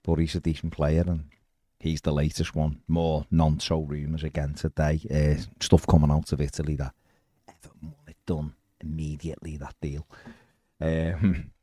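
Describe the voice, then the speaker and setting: Deep-voiced man chatting football. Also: little pitch movement, normal speed, mellow, no echo. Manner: chatty, reads out viewer comments. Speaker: podcast co-host. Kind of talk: casual football chat.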